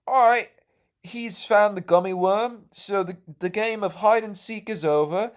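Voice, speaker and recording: Flustered female counselor, high and hesitant, done by a man. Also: unhurried, clear, resonant tone. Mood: upbeat. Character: flustered female camp counselor with a vague European accent.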